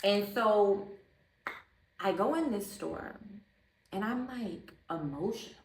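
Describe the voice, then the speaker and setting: A woman vlogger telling a personal spiritual story in a chatty, expressive way, often calling the listener baby. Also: mid-range voice, slow pace, roomy sound, recorded from a distance, slight background noise. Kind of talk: casual storytelling to camera.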